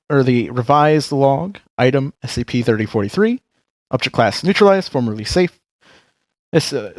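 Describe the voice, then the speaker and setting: A man's voice: mid-range voice, dry recording. A man co-hosting a podcast, reading a wiki article aloud in an amused way. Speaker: podcast co-host.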